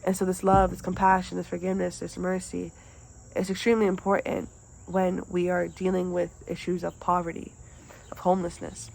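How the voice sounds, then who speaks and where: A young woman retelling a parable for a class, then reflecting on it in an earnest, halting way with restarts. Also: fairly low pitch, completely flat delivery, gravelly, a little mellow, slight background noise, low-quality recording. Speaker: student presenter.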